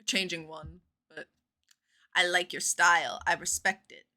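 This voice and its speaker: A woman streaming a game live, chatting casually with viewers in a bubbly, animated way and swearing freely. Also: lowish voice, unhurried. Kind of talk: casual live-stream chat while gaming.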